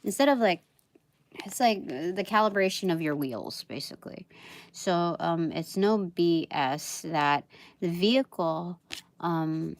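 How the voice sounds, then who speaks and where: A woman reading tarot cards on a live stream, talking in a meandering, halting way full of fillers, with soft laughs between thoughts. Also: on the low side, expressive. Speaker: tarot reader.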